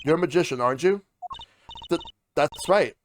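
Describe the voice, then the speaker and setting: A man's voice: fairly high pitch, moderate pace, background noise. A man streaming a visual novel game, reading the dialogue aloud and voicing each character, with casual asides.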